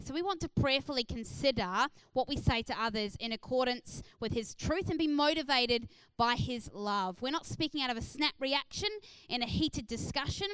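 High-voiced, earnest woman preaching. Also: a bit bright, clean tone, dry recording, low-quality recording. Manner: earnest and encouraging, with frequent "uh" fillers. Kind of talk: sermon.

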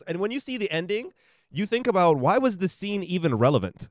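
A man co-hosting a podcast in casual chat, telling stories in a profane, animated way into a close podcast mic. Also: high voice, brisk, no room sound. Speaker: podcast co-host.

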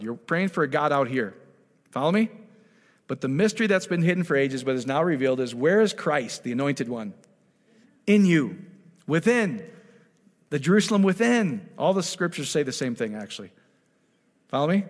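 A man preaching a sermon, emphatic and full of rhetorical questions, moving between loud exhortation and quiet, intimate asides. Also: on the high side, very animated, normal speed. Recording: long hall reverb.

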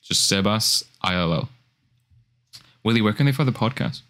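Low-voiced man giving an album review. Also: moderate pace. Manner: relaxed, opinionated, with filler restarts. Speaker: podcast co-host. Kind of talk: casual album review chat.

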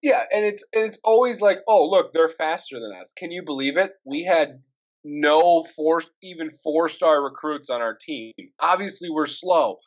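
A man from Wisconsin talks sports on a casual podcast, his delivery animated and exasperated, full of swearing. The recording sounds muffled and lo-fi. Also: on the high side, moderate pace. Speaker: podcast co-host.

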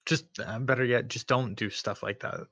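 A man's voice: mid-range voice, fairly even intonation, normal speed, sharp tone, dry recording. A man co-hosting an esports podcast, commenting in a wry, casual way. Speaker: podcast co-host. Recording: dull, dry lo-fi mic.

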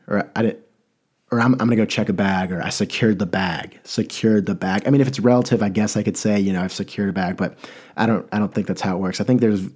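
A young man with a fairly low voice tells a comic story. He rambles in a deadpan way and trips over his words with lots of restarts. The telling is loose and unhurried.

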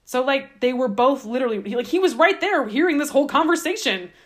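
Woman host, casual comic retelling, chatty and wry, slightly higher voice. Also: animated, quick pace. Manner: chatty, irreverent, wry asides. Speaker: podcast host.

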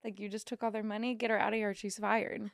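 Chatty woman with a creaky voice. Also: medium pitch, little pitch movement, quick pace, no echo, clean studio sound. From Missouri. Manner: chatty storyteller, acts out quotes, swears freely. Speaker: podcast co-host. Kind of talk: casual chat.

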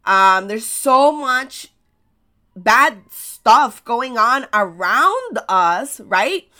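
A podcast host speaks in a slightly high voice with a bright, forceful tone. Originally a Spanish speaker but with an American accent, she gives a casual motivational talk, telling stories, posing rhetorical questions, and poking fun at herself with laughter.

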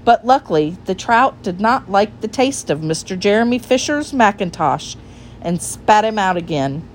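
A woman reading a children's storybook aloud in a gentle, unhurried storytelling manner. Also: medium pitch, animated, slight background noise.

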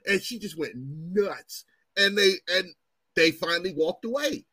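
A man in his forties tells stories in a loose, swearing ranting style, his voice leaping up and down as he acts out what others said. He sits slightly high for a man. The sound is dry and close, with no room to it. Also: a little slow, breathy edge, dry recording. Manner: animated, profane, acts out quotes in raised voices. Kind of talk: casual chat, storytelling.

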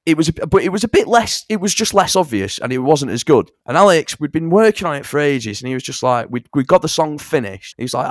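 A man's voice: medium pitch, brisk, few pauses, no room sound. Chatty young man, dry close sound. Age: young adult. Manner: animated storyteller, swears, fond of impressions. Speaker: songwriter and musician. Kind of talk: casual interview chat.

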